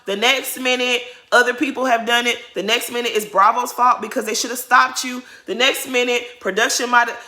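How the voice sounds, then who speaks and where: A woman giving opinionated, animated commentary as she recaps a reality TV episode for her viewers. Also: fairly high pitch, moderate pace. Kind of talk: casual commentary vlog.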